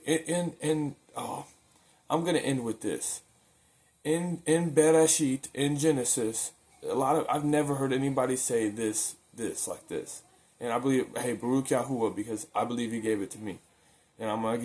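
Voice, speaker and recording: A man's voice: medium pitch, fairly even intonation, moderate pace, darkish tone. Earnest man preaching casually to camera. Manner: earnest, repeats words and restarts, informal slang. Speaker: religious video maker.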